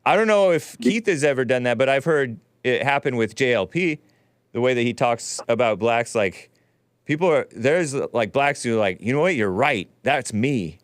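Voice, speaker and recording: A man's voice: mid-range voice, expressive, normal speed, smooth, no echo. A man hosting a call-in show, chatting loosely with callers and laughing often. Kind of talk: casual call-in talk.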